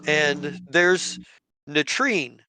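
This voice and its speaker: A man's voice: fairly high pitch, lively intonation, very slow, bright, forceful tone, slight background noise. A man narrating as game master of a tabletop game, rambling with many restarts.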